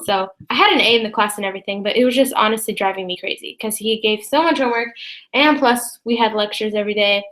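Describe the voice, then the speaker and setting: A teenage girl chatting casually to her viewers, rambling with many fillers and quick apologies. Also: mid-range voice, a bit bright. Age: teens. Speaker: student vlogger. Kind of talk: casual chat to camera.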